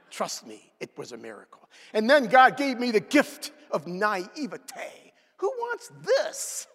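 A man preaching a sermon with dramatic swings between loud exclamations and hushed whispers. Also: a little high. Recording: long reverb of a large hall.

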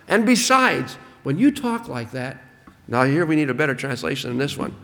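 A man preaching a sermon, expounding a Gospel text with emphatic, slowed stress on key words. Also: medium pitch, very animated, fairly bright tone, in a large hall.

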